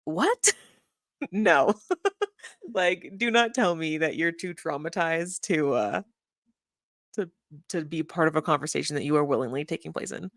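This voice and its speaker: A young woman talks on a desk mic in a casual livestream, rambling and swearing freely, dropping into mutters between lines. Her voice sits a little low, and the sound is close and dry with no room echo. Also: expressive, a little slow, pauses often. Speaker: streamer reviewing a live stream. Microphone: desk microphone.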